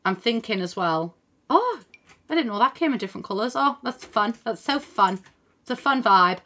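Woman, streamer, casual livestream chat, thinks aloud, bright crisp tone, desk microphone. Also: fairly high pitch, expressive, moderate pace. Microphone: desk microphone in front of screen.

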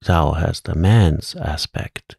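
Stern old witch lady, grim and mocking, as a man puts her on, low gravelly and slow. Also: lively intonation, a little mellow, no room sound, full character voice. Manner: slow, stern, archaic speech.

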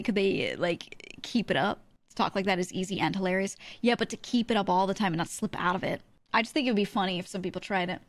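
A woman's voice: mid-range voice, no echo. A woman streamer chatting casually with her viewers, rambling and thinking aloud with fillers and restarts.

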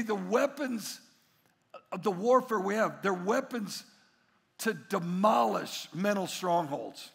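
A middle-aged man preaching a sermon as pastor, an animated storyteller who acts out the voices in his stories. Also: high voice, creaky, big-room sound. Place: large church hall.

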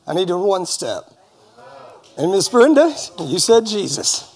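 A man's voice: high voice, very animated, slow pace, a little mellow, breathy edge. A middle-aged man giving an earnest, folksy personal testimony to a church congregation, with touches of light humor. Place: church service in front of a congregation.

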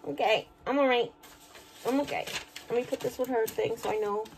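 A woman's voice: fairly high pitch, fairly even intonation, fairly quick, slight background noise, low-quality recording. A middle-aged woman chatting casually at home as she opens and reads fan mail, sentimental and talkative. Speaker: vlogger opening fan mail. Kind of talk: casual unboxing chat. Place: home, indoors.

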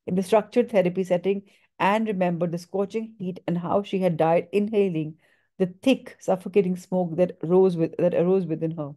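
A woman reading a book aloud in a measured, steady way, with small stumbles. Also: on the low side.

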